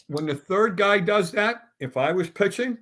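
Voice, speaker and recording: A man's voice: sits high, lively intonation, moderate pace, fairly bright tone. A middle-aged man on a sports talk round table, ranting bluntly and stumbling through restarts as he builds his points.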